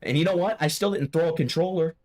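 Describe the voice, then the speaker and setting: A man streaming live, reacting to clips with profane, excitable commentary that jumps into loud, high outbursts. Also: fast.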